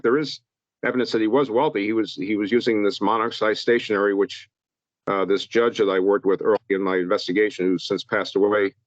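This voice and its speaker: A man answering interview questions in a halting way, often repeating words as he thinks. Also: on the low side, no room sound, lo-fi sound. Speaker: guest, true-crime author.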